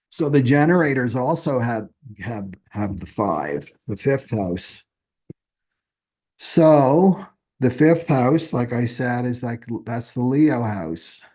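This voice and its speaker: A man's voice: mid-range voice, a little mellow. A man doing a casual live astrology reading, talking in a loose, repetitive way and often asking "right?". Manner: chatty, repeats himself, often asks "right?". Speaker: astrology reader.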